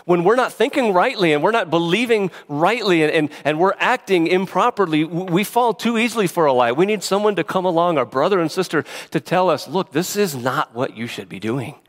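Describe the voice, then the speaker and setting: A man's voice: high-pitched, animated, brisk, hardly any pauses. A man preaching a sermon in an earnest, emphatic way, often restarting his words. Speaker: pastor.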